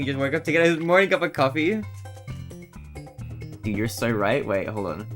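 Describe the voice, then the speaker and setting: A young man streaming from his bedroom, chatting to viewers in a lively, swooping voice and breaking into giggles between rambling stories. His pitch sits in the middle, and game music plays clearly behind him. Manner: giggly, rambling and animated, often laughing. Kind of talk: casual live-stream chat.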